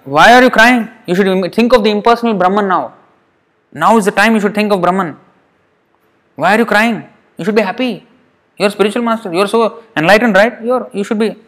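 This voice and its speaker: A man voicing a condescending young male disciple who lectures his dying master, in a raised pitch. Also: a little fast, fairly bright tone. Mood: preachy. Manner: preachy, condescending.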